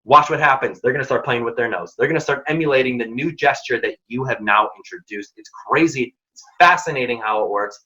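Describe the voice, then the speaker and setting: A man's voice: mid-range voice, a little fast, bright, forceful tone, lo-fi sound. A man hosting a career workshop, giving direct, emphatic advice in short punchy lines. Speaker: program founder and workshop host.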